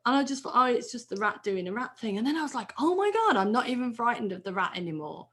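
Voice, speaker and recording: A woman's voice: fairly high pitch, fast talker, a bit bright. A woman in a casual group conversation, telling a personal story reflectively and restarting her phrases often. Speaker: regular discussion member.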